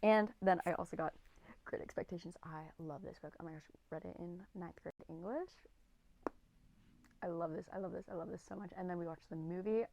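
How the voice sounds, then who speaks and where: A woman in her twenties co-hosting a podcast, chatting casually on her own in a gushing, excitable and rambling way. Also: fairly low pitch, moderate pace, gravelly. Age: 20s. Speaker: podcast co-host. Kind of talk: casual solo podcast chat.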